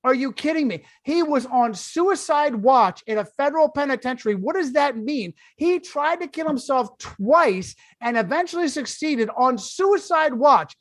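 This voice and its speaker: A man who is a guest author on a podcast, talking emphatically and sarcastically in quick bursts. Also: very high-pitched, animated, no room sound. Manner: emphatic, sarcastic, rapid-fire. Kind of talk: podcast discussion.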